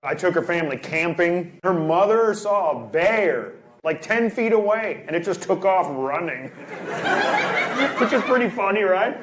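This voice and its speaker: A male stand-up comedian telling jokes with quick, matter-of-fact delivery. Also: high voice, animated, fairly bright tone. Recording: noisy live recording.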